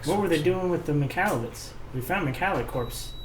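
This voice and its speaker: A man's voice: fairly high pitch, lively intonation, a little fast. A man playing a tabletop game, hesitant and musing as he talks. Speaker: player. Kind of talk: casual tabletop play. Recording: roomy with clear background noise.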